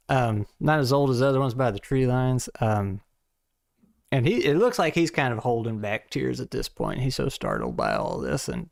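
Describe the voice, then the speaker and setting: A game master narrating a tabletop game in loose, halting sentences full of fillers. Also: mid-range voice, vocal fry, no room sound, clean studio sound.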